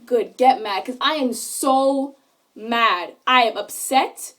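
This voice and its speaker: Teen girl vlogger, high-pitched, emphatic and indignant, phone-recorded. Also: takes it slowly, a bit bright. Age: late teens. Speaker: high school student. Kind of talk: impassioned vlog rant. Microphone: phone camera.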